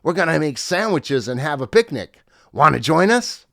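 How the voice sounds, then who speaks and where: A man's voice: fairly high pitch, sing-song, moderate pace, vocal fry, a bit bright, dry recording, clean studio sound, exaggerated voice. A man voicing a friendly, weathered older man from the bayou who talks in an easygoing way with few words.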